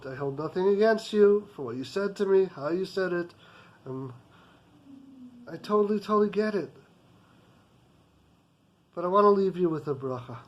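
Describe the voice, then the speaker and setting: A man voicing a patient, forgiving older rabbi who speaks softly and calmly. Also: high voice. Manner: soft, calm, forgiving.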